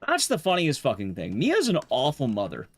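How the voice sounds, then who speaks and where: A young man streaming a game, chatting with viewers in a deadpan, joking way. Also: mid-range voice, normal speed. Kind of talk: casual gameplay commentary.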